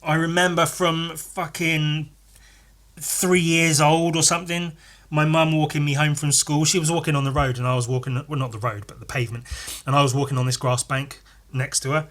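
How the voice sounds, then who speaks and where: A man's voice: on the high side, flat delivery, moderate pace, fairly bright tone. An English man hosting a solo podcast, rambling in a sweary, sarcastic way with lots of asides. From England. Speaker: podcast host.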